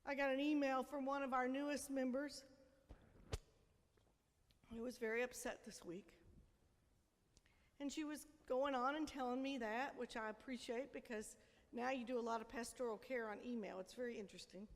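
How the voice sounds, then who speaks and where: A woman minister with a high voice preaches in a church sanctuary. Her delivery moves between emphatic, rising appeals and soft, close asides. A long reverb from the large room trails after each phrase. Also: steady tone, normal speed, long pauses. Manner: emphatic, conversational preaching with quiet, intimate drops. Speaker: senior minister. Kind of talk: sermon.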